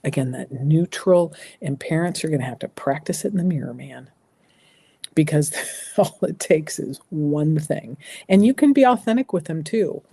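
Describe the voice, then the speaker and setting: A woman's voice: low-pitched, expressive, normal speed, creaky, slightly rough, no echo. A middle-aged American woman giving earnest, emphatic advice as a talk show guest, repeating phrases for emphasis. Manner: emphatic, repeats phrases, drops to a soft voice for reassuring lines. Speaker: guest speaker.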